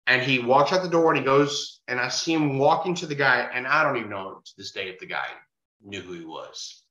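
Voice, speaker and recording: A podcast guest who works as a bar bouncer speaks fairly quickly in an animated, bright, forceful voice of medium pitch. Swearing freely, he tells a bar story casually and voices its characters. The audio is roomy and dull.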